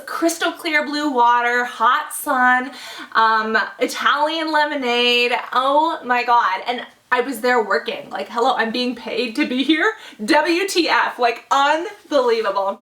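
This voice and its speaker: A woman's voice: high voice, a little slow, sharp tone, roomy sound, distant mic. A young woman vlogger in casual chat, gushing and chatty with lots of likes and oh-my-gods.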